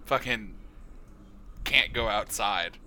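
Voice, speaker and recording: A man's voice: lowish voice, slow, a crowd in the background, low-quality recording. A man co-hosting a comedy podcast, riffing in improv chat with stammering restarts and frequent laughs.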